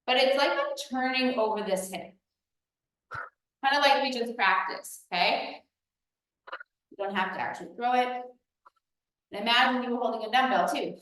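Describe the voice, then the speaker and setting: A woman's voice: fairly high pitch, moderate pace, pauses often, fairly bright tone, very echoey, distant mic, slight background noise, rough recording. A woman fitness coach leading a workout, cueing breaths as she demonstrates the moves, a little out of breath. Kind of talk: workout instruction.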